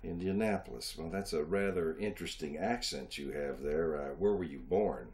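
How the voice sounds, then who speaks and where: Deep-voiced skeptical man. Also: normal speed, darkish tone. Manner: dry, skeptical. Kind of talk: comedic film scene acting.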